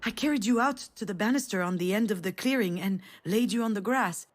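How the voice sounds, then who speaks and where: A woman plays a mother in a story game recounting a cherished memory. Her mid-range voice is warm and narrative, sometimes lifting with feeling. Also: mid-range voice, a little fast, natural voice. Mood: tender. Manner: warm storytelling, rising to excited cries. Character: tender mother remembering a family trip. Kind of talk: video game voice acting.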